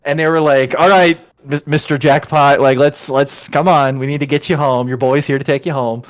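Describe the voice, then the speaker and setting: A young man hosting a podcast, telling a story in casual chat, animated and swearing freely as he acts out the voices of the people in it. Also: a little high, moderate pace, smooth. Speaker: podcast host.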